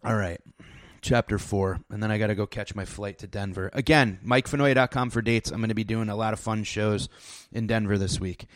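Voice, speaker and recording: A man's voice: fairly low pitch, fairly quick, dry recording. A man in his thirties hosting a podcast, telling a rambling, profane, self-deprecating story full of fillers and restarts. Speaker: podcast host and stand-up comic. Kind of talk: casual storytelling monologue.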